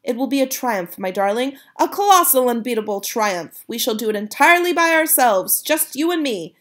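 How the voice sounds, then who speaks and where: A woman's voice: a little high, animated, moderate pace, a bit bright. A woman voicing a spirited, fierce old grandmother who speaks emphatically and exclaims often. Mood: grand, rousing.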